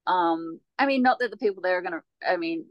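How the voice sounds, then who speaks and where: A woman's voice: on the low side, fast, no room sound, lo-fi sound. Young aussie woman on a podcast, blunt, swears a lot, dry close mic. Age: young adult. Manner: blunt, swears, chimes in with asides. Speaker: podcast co-host. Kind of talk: casual chat.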